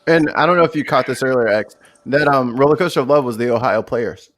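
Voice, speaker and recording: A man's voice: mid-range voice, quick pace, fairly bright tone, slight background noise. Slangy laid-back man chatting. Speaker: co-host. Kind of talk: casual live-stream chat.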